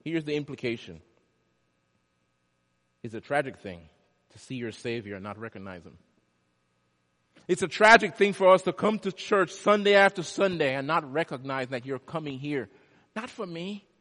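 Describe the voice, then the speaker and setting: A male pastor delivering a sermon, swinging from hushed, quiet lines to loud, impassioned ones. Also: on the high side. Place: church. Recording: long echo of a large hall.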